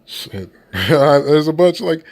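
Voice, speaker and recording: A man's voice: fairly high pitch, very animated, slow pace, gravelly, darkish tone. A man from the United States giving casual opinion commentary in a blunt, profane and rambling way.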